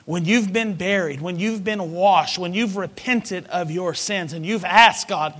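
A man delivers a sermon in a high voice, stacking phrase upon phrase as he builds emphasis. His tone is bright and ringing, and he calls the congregation to repeat after him. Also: unhurried, hardly any pauses. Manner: preaching with rising emphatic repetition. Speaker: pastor.

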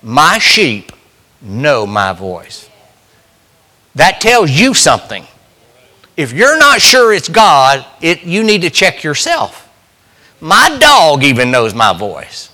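A man's voice: on the high side, huge pitch swings, slow, long pauses, bright, forceful tone. A middle-aged man, preaching a sermon as pastor in a folksy, emphatic way, rising and dropping sharply. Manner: folksy, emphatic preaching with sudden rises and drops.

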